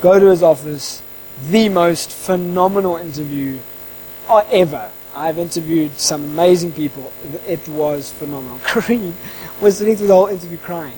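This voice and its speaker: A man who interviews people, telling a casual anecdote in an animated way and acting out the dialogue. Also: on the high side, moderate pace, slight background noise, poor audio.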